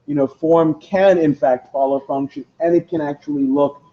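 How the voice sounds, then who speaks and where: A man's voice: a little high, fairly even intonation, normal speed. A man hosting a casual car walkaround livestream, chatty and rambling with many fillers. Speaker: host. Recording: dull lo-fi livestream audio, faint noise.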